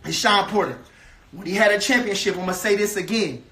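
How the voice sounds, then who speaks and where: A man's voice: high voice, fairly quick, bright, forceful tone. A man from a boxer's camp delivering a heated, repetitive, trash-talking rant to the camera.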